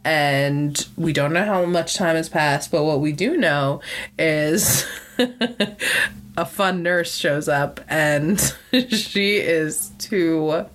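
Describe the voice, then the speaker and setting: A woman's voice: deep voice, drawn-out words, a bit bright. A woman co-hosting a podcast, recapping a movie in casual chat, laughing often and swearing casually. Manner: giggly, swears casually, self-deprecating. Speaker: podcast co-host.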